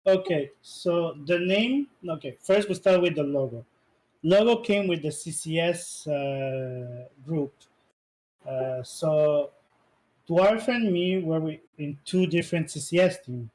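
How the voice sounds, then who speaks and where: Higher-voiced man, casual interview answers. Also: slow pace, darkish tone, rough recording. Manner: rambling, searches for English words. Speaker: esports player being interviewed.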